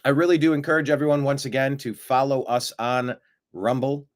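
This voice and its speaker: A man hosting a live-streamed political commentary show, talking in an animated way with sarcastic asides and frequent fillers. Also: medium pitch, a little fast. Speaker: host of a political news show.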